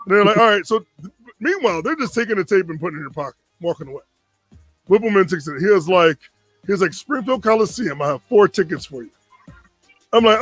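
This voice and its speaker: Over soft background music in a recording with no room sound, a Connecticut man in his forties tells a long story casually in a high-pitched, fairly quick voice. He's animated and acts out the lines of the people he quotes.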